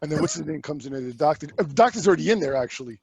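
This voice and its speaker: A man co-hosting a movie podcast in casual chat, animated, acting out scenes in voices and swearing casually. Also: a little high, very fast, vocal fry, breathy edge, dry recording. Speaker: podcast host.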